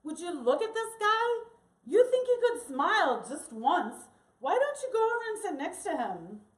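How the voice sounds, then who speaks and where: A man's voice: very high voice, very animated, normal speed, a bit bright, reverberant, pitched above the performer's own voice, full character voice. A woman voicing a brash, joking young Mexican man who teases and wisecracks. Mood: teasing. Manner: teasing, wisecracking.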